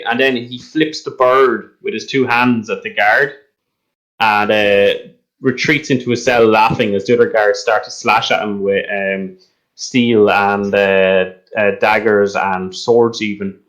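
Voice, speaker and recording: A man's voice: on the low side, a bit bright, low-quality recording. A man narrating as game master in a rambling, hesitant way with many fillers.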